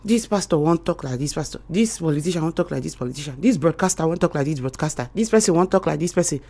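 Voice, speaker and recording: Fast and animated in a deep voice, a Nigerian-accented woman delivers preachy motivational talk on her morning radio show. She addresses listeners as darling and sweetheart, repeats herself rhythmically, and shifts between loud and quiet.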